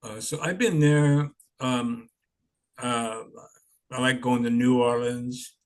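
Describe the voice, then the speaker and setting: A man's voice: mid-range voice, steady tone, takes it slowly. Older man rambling, chuckling storyteller. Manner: rambling, chuckling, many "you know"s. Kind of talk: casual storytelling.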